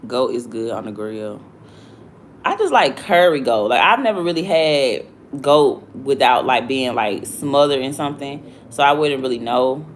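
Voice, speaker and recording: Her voice is a rumbling low, expressive and a little slow, with a slight hiss or hum in the recording. She is a livestream host from Alabama, USA, with a Southern accent, chatting casually in a blunt, slangy manner that rambles between stories.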